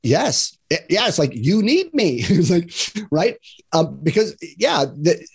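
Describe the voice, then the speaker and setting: A man's voice: a little high, sing-song, unhurried, gravelly, husky. Earnest male coach explaining patterns. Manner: earnest, explanatory, acts out examples in other voices; frequent "right?" tag questions. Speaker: divorce and love coach, guest. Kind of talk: casual podcast conversation.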